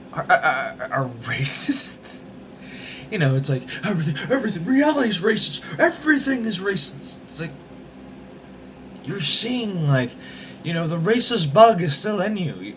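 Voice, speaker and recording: Young male vlogger, lively swearing rant, noisy vehicle sounds behind. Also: mid-range voice. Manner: animated, swearing, jumps between topics. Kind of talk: profane rambling rant.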